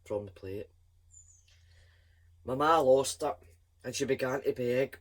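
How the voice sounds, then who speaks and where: A woman reading a children's story aloud in a lively, expressive first-person voice. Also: extremely low pitch, takes it slowly, long pauses.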